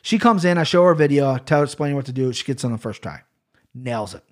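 A man's voice: mid-range voice, animated, fast, darkish tone. A man hosting a podcast, telling a long story in a rambling, profane, casual way. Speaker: podcast host. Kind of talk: casual chat.

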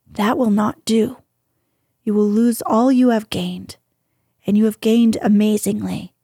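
A woman voicing a grave male doctor in a storybook reading, speaking in a measured, serious way. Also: medium pitch, fairly even intonation, mellow, slightly rough, no echo, clean studio sound.

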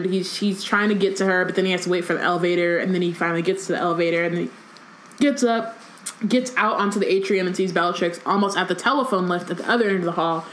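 A woman's voice: lowish voice, slight background noise. Woman, podcast co-host, casual plot recap, reads book passages aloud, echoey room.

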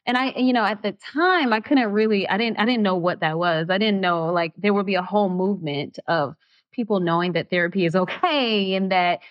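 Expressive woman, slightly dull audio. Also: medium pitch, a little fast. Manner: expressive and heartfelt, voice rising when excited. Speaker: actress guest. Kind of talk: candid podcast interview.

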